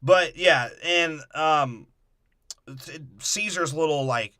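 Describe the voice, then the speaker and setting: A man's voice: on the high side, slow, bright, forceful tone, no echo. Profane joking man, dry sound. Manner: crude, profane, joking riffs. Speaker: podcast co-host. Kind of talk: casual movie-breakdown banter.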